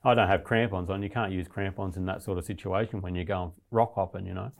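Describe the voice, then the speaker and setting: Deep gravelly man telling a story. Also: steady tone, fast. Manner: blunt, heavy swearing, rambling. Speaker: guest. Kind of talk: casual storytelling interview.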